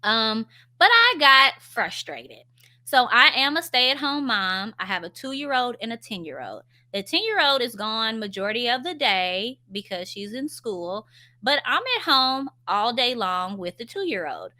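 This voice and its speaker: A woman's voice: on the high side, big pitch swings, measured pace, sharp tone. A woman in her thirties, a stay-at-home mom, chatting candidly in a casual vlog about parenting, with frequent filler words.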